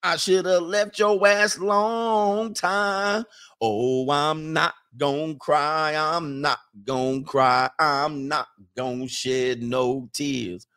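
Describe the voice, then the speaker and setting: A man voicing a bitter woman who drags out her complaint about years of sacrifice in a slow lament. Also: on the high side, fairly even intonation, sharp tone, clear, resonant tone, full character voice. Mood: aggrieved.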